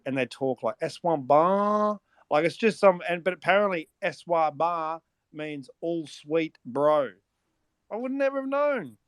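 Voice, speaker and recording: A man's voice: fairly high pitch, animated, a little slow, clear, resonant tone, no room sound. An Australian man co-hosting casual podcast banter, swearing constantly as he rants. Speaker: co-host.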